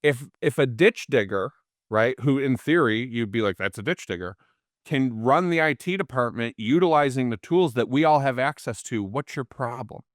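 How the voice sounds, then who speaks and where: A man's voice: medium pitch, normal speed, no echo, studio quality. A man, the guest in a casual interview, tells anecdotes and acts out the people in them. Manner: animated storyteller, acts out quoted people.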